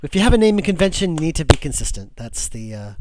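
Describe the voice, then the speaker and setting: Hoarse game developer muttering on stream. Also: male voice, fairly high pitch, very animated, quick pace, darkish tone, a little hiss or hum. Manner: muttering to himself while working. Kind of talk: casual live-stream talk.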